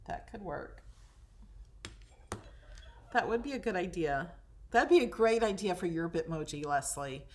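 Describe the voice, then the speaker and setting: A woman's voice: fairly low pitch, animated, unhurried, long pauses, darkish tone, a little hiss or hum. A woman hosting a casual crafting tutorial, chatting and thinking aloud as she browses designs, sometimes dropping to a whisper over things she likes.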